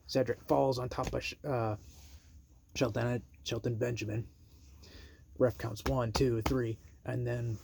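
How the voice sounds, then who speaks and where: A man casually pitching an imagined storyline, rambling and acting out quotes in a raised voice. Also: creaky, dark tone, slight background noise.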